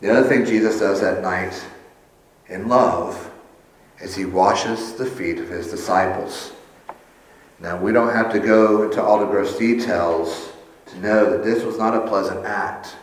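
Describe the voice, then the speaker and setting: A man's voice: sits low, measured pace. A man preaching a sermon at a church communion service, earnest and building in intensity, with light self-deprecating asides. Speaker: pastor. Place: church sanctuary. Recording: echoey church hall.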